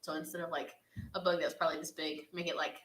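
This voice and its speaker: A woman's voice: deep voice, flat delivery, fast talker, a bit bright, a little hiss or hum. A young woman answers fan questions in an earnest, heartfelt casual chat, with laughs along the way. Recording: echoey room.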